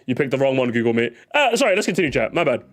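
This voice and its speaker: A man's voice: mid-range voice, sing-song, very fast. A young man streaming a casual reaction to comments, sarcastic and jokey, often stammering and restarting his sentences.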